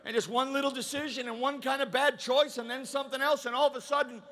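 A male preacher addresses a large conference crowd in a high, forceful voice. He builds to shouted peaks and then falls to a low, confiding tone. He often repeats words and restarts as he speaks. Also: fairly even intonation, quick pace, hardly any pauses. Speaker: pastor. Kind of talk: conference sermon.

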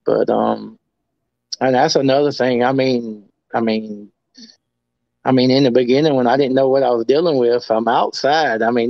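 A man's voice: mid-range voice, creaky, no room sound, muffled recording. A man telling his own stories as a guest, rambling with many restarts. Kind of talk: casual storytelling.

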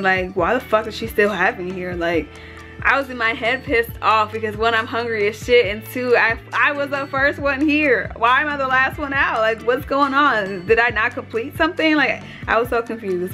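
Young woman doing a storytime vlog, mid pitch, cusses a lot, acts out the other people, faint music behind her. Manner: animated, swears often, acts out other people's lines. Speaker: vlogger.

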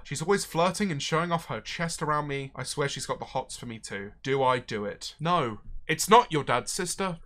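A man hosting a livestream, reading viewer confessions aloud in a loud, profane and excitable way. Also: a little high. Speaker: streamer host.

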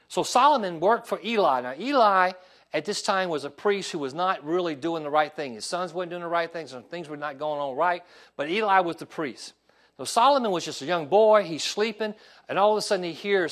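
Pastor, male, high-pitched, lively pulpit delivery, asks congregation for responses. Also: a little fast. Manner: animated preaching with call-and-response asides. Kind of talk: sermon. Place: church sanctuary.

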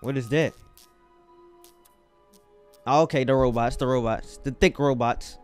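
A young man narrating his gameplay with hype and loose slang, talking into a headset mic. Game music plays clearly under his voice. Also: medium pitch, steady tone, unhurried. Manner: hyped, casual slang. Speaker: gaming YouTuber. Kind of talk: let's play commentary.

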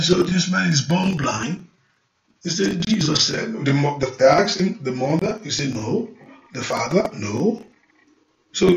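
A middle-aged man preaches a fervent sermon, his voice sitting a bit high with a gravelly rasp. He stretches out prayer and praise lines and breaks into speaking in tongues. The sound carries the echo of a roomy church with a faint noise underneath. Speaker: pastor. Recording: echoey room, faint noise.

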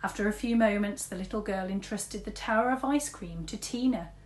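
A woman teacher reading a storybook aloud, lively, switching between big shouts and soft whispers for the characters. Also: medium pitch, brisk, reverberant.

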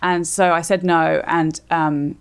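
A woman's voice: sits low, level tone, slow, clear, resonant tone. A woman from Australia, a comedian, chatting casually on a podcast with rambling, self-deprecating asides. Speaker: comedian guest.

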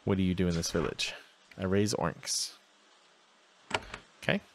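A man's voice: deep voice, fairly even intonation, a little slow, slight background noise. A man giving casual gameplay commentary, chatting to himself and reading game text aloud. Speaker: let's play host.

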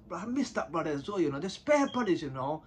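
A young man telling a story to camera in a casual, animated, slang-heavy way, often tagging lines with short questions. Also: a little high, quick pace, slightly rough. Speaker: vlogger telling a prison story.

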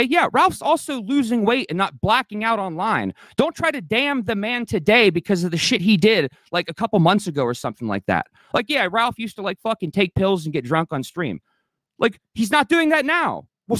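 A man's voice: high-pitched, a bit bright, no echo. A man ranting heatedly as a livestream guest, swearing a lot and restarting his sentences. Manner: profane, agitated, rambling with many restarts.

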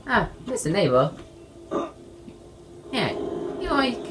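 A young woman giving playful let's play commentary on a game, shouting in bursts and slipping into silly voices. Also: medium pitch, very animated, slow pace, pauses often, noisy background. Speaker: gamer playing a horror game.

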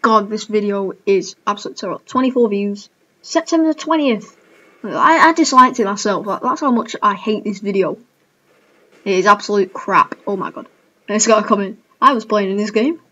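A woman's voice: medium pitch, moderate pace, bright, forceful tone, lo-fi sound. Woman cringing through her own old videos. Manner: keeps exclaiming, cringing and laughing at herself. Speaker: gaming YouTuber. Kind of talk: casual reaction commentary.

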